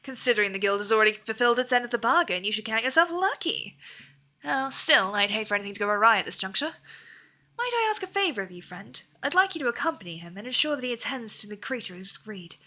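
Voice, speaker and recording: A woman's voice: a little high, sing-song, quick pace, bright, forceful tone. A woman voicing a stiffly polite guild clerk from a video game, with formal, precise diction. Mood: prim, formal. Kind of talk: reading game dialogue aloud.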